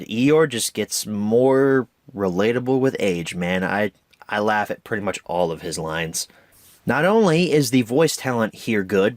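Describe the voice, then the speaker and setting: Lively enthusiastic man reviewing a film. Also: medium pitch, dry recording, clean studio sound. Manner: enthusiastic, lively, occasional stumbles. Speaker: movie reviewer.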